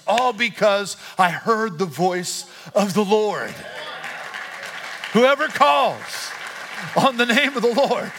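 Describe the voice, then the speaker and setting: This middle-aged pastor has a fairly high, fairly bright voice and preaches a sermon in a church auditorium. He shares a personal story conversationally before building up to calls he repeats with growing emphasis.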